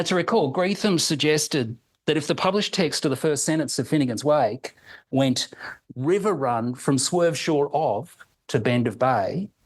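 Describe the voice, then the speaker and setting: A man reads a prepared academic lecture aloud at a middle pitch. His delivery is measured and deliberate. He slows down to sound out each example phrase carefully. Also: low-quality recording. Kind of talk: reading a prepared academic talk.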